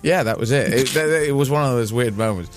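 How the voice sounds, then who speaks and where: A man's voice: medium pitch, quick pace, faint music behind. A man with a British accent, a guest in casual chat, rambling and self-mocking and often tripping over his words. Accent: British English. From England.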